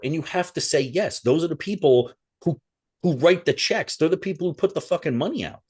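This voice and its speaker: A man's voice: a little high, lively intonation, brisk, a little mellow, slightly rough. A man co-hosting a podcast, ranting in casual chat with heavy swearing. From Italian-American. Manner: heated, profane, ranting. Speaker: podcast co-host.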